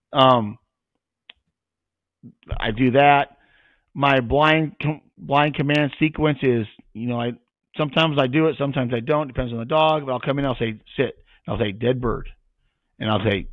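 A man's voice: medium pitch, fast, no echo. A man who trains retrievers, talking casually on a podcast and acting out his handling commands as he explains them. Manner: plain-spoken, demonstrates commands aloud. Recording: tinny phone-like sound.

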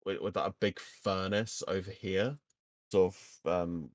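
Male game master, very low voice, dry close mic, halting narration. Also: fairly even intonation, dry recording. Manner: halting, many fillers.

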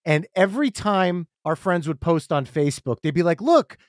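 A man guesting on a podcast, telling a lively anecdote and acting out his own reactions. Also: on the high side, moderate pace, dry recording, clean studio sound. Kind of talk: casual chat.

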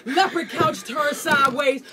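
A woman's voice: high voice, a little slow. A woman co-hosting live radio, out of breath, rattled and laughing dramatically. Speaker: radio co-host. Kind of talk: excited live radio talk. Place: radio station building. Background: crowd and noise.

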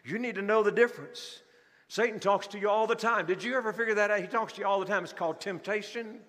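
High-voiced preacher in a reverberant hall. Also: male voice, fast, fairly bright tone. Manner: rhetorical questions to the congregation, repeats key phrases. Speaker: pastor. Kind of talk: sermon. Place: large church hall.

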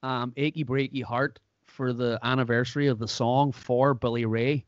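A man's voice: mid-range voice, moderate pace, no echo. Irish guy on a podcast, chatty storyteller, dry dull-sounding mic. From Ireland. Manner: animated storyteller, acts out quotes. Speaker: podcast host. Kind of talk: casual chat.

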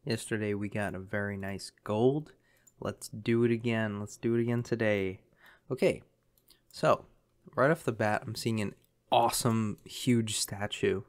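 A man's voice: fairly low pitch, fairly even intonation, unhurried. A man commentating a map guessing game, thinking aloud in a chatty way with lots of ums. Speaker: game streamer.

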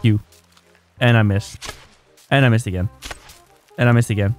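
A man giving casual let's-play commentary, excitable, laughing often and exclaiming at the game. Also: lowish voice, unhurried, faint music behind. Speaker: gaming video host.

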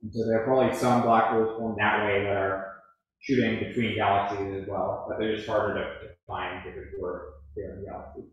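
A man's voice: lowish voice, little pitch movement, fairly quick, dull audio. A man, an astrophysicist, answering audience questions at a public lecture, thoughtful and hedging with many restarts. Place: lecture hall. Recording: echoey hall.

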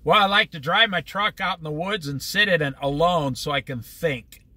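A man voicing an ordinary man who muses quietly and matter-of-factly about sitting alone in his pricey truck. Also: a little high, moderate pace, no echo, voice pushed down. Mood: musing.

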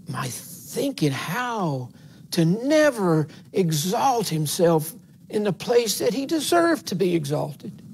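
A man's voice: fairly high pitch, a little mellow, slight background noise. Earnest man preaching. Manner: earnest, folksy, rising to emphatic. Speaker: assistant pastor. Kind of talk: conversational sermon. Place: church sanctuary.

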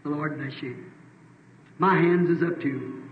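A fervent middle-aged preacher with a Southern American accent, praying and pleading with a high, strained voice. He swells into loud, emphatic declarations. The sound is an old, dull, lo-fi tape, roomy and with a faint hiss. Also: a little slow, long pauses. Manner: fervent, rising to loud exclamations; pleading prayer. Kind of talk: sermon prayer and altar call. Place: church meeting.

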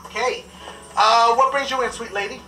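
A man's voice: extremely high pitch, steady tone, moderate pace. A man doing a crude brash clinic doctor. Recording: roomy, distant with faint noise.

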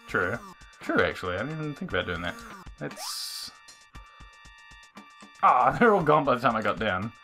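A man giving casual, excitable commentary on a retro game he is playing, swearing and laughing at it. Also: medium pitch, fast talker. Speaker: let's play host. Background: faint game music.

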